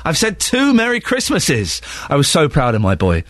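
A middle-aged man presenting a casual breakfast radio show from a studio, chatty and quick to laugh. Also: on the high side, no room sound. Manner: chatty, animated, laughs often.

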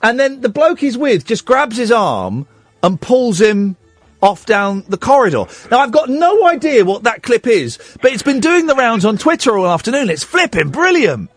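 A man hosting a late-night radio phone-in, sarcastic and animated, mocking callers' opinions with a laugh. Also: very high-pitched, normal speed, no echo, soft background music.

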